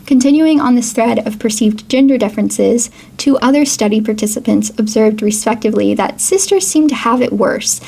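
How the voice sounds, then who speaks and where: Woman doing a chatty explainer video, kinda high, lots of fry. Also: normal speed, dark tone. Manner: chatty, reads quotes aloud, laughs now and then. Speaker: educational video host. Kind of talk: casual educational vlog narration.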